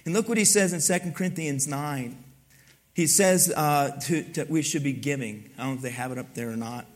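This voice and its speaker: A middle-aged male pastor with a notably high voice preaches to his church. He reads scripture, then talks to the congregation loosely and with humor, circling back to repeat his points. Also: brisk. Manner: conversational preaching, teasing congregation, repeats key lines. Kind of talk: sermon.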